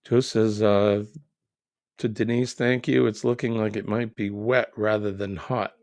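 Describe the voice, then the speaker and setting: A man's voice: fairly low pitch, little pitch movement, measured pace, a little mellow, dry recording, studio quality. A middle-aged man hosting a live stream, reading viewer comments aloud and chatting about them in a joking, easygoing way. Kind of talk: casual live chat.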